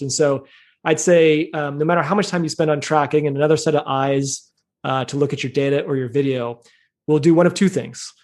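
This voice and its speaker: Thoughtful man with a higher voice. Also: darkish tone. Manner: thoughtful, measured, many fillers. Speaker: podcast guest. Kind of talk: casual interview talk.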